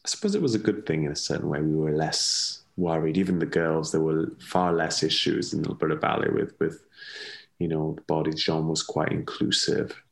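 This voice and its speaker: A man with a very low voice and a gravelly, crackling edge talks as a podcast guest. His speech is casual and meandering, doubling back on words and leaning on fillers as he goes. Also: steady tone, moderate pace. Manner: rambling with many restarts and fillers. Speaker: podcast guest, ballet dancer. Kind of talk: casual conversational interview.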